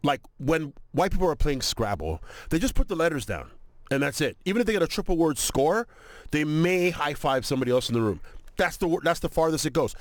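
A man, a stand-up comedian guest, telling a story in an animated way, laughing often and acting out bits of it. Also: on the high side, fairly quick, dry recording. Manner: laughs often, acts out bits of his own stories. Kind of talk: animated storytelling on a talk show.

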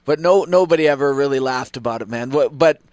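A man's voice: medium pitch, fairly quick, darkish tone, no echo. A Canadian man, a former player, co-hosting sports radio in an emphatic, conversational way. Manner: emphatic, conversational, frequent "like" and "right?".

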